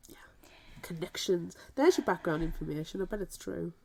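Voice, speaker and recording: A woman's voice: fairly low pitch, lively intonation, moderate pace, vocal fry, a little mellow, slight background noise. A woman co-hosting a podcast, reading out plot points and adding wry comments. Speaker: podcast co-host. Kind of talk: casual book discussion chat.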